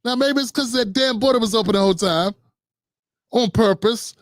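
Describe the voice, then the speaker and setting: A man's voice: very high voice, normal speed, no room sound, studio quality. A man hosting a live political commentary show, blunt and mocking, talking straight to his viewers. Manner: mocking, blunt, mimics people in put-on voices.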